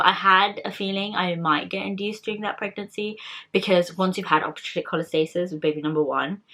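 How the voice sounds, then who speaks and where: Woman, low pitch, young adult, casual rambling chat, candid, fillers and restarts. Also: a bit bright. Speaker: vlogger.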